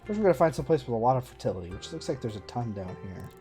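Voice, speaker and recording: A man with a mellow, warm voice talks through a game on a live stream. His commentary is casual and running, full of dry, self-mocking sarcasm. Faint game music plays underneath. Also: medium pitch, sing-song, racing.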